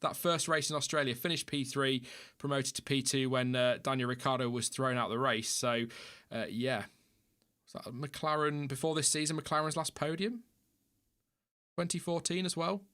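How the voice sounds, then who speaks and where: A man's voice: medium pitch, fairly even intonation, moderate pace, sharp tone. Chatty man hosting a live stream. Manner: chatty, reads viewer comments aloud with laughs. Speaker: livestream host. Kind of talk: casual live-stream chat.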